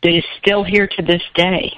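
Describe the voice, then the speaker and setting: A woman's voice: fairly low pitch, normal speed, no room sound, low-quality recording. A woman guest telling a story in a casual interview, chatty and full of fillers. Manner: chatty, many fillers, animated when quoting.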